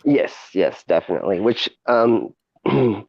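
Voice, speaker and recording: A man's voice: lowish voice, big pitch swings, unhurried, gravelly, a little mellow, no room sound, dull audio. A man hosting a casual chat, rambling with many fillers and frequent laughs. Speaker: podcast host and streamer.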